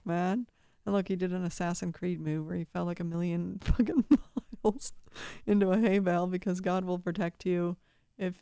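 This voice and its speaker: A woman's voice: fairly low pitch, vocal fry, mellow, clear, resonant tone, no echo, studio quality. A woman giving casual, rambling video commentary, swearing constantly and laughing often.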